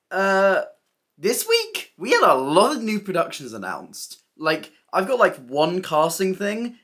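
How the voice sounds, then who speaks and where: A young woman, hosting a weekly theatre news recap in a chatty, playful way with giggly asides. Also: on the low side. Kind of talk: casual scripted news recap.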